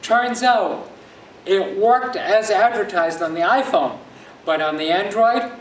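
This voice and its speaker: A man telling an animated, sarcastic story at a user group meeting in an office room. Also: sits high, slow pace. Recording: distant echoey room, background hum.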